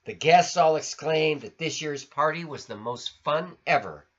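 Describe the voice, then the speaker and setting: A man reading a children's storybook aloud in an expressive, sing-song way. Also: fairly high pitch, measured pace. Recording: lo-fi recording.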